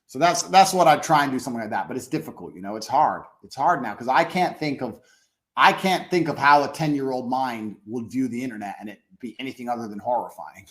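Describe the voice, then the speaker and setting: A man's voice: medium pitch, lively intonation, a little fast, a bit bright. Guy on a podcast, swears a lot, cocky and blunt, stretches words out to make a point. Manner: blunt, profane and boastful. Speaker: podcast guest. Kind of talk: casual podcast conversation.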